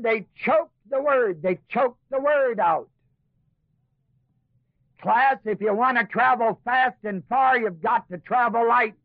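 A high-voiced man teaches scripture to a class in a preaching style. He drops into mocking asides, then builds his points with emphasis. The sound is a dry, tinny old tape with no room to it. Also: no room sound. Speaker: Bible teacher.

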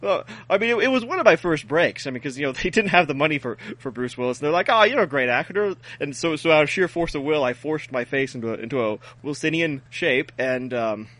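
A man co-hosting a podcast, bantering casually in a deadpan, mock-boastful way and laughing often. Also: fairly high pitch, quick pace, few pauses. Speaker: podcast co-host.

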